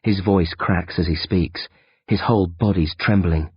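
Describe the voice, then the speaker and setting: Brief: man reading a first-person thriller audiobook, raspy low voice, dry and muffled sound. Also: measured pace, dry recording. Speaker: audiobook narrator. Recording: dull, dry lo-fi recording.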